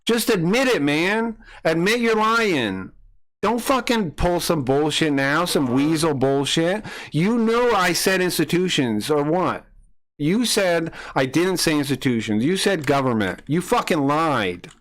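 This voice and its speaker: A man's voice: a little high, animated, measured pace, a bit bright. A man streaming live, ranting angrily and profanely as he accuses a chatter of lying. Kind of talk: heated live-stream argument with chat.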